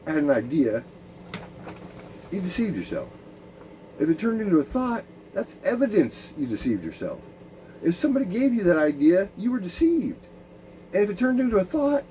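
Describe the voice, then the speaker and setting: A man's voice: high voice, big pitch swings, moderate pace, pauses often, dark tone, distant mic, slight background noise, poor audio. A man speaking a profane, meandering monologue, full of restarts, jumping between ideas. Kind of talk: rambling monologue.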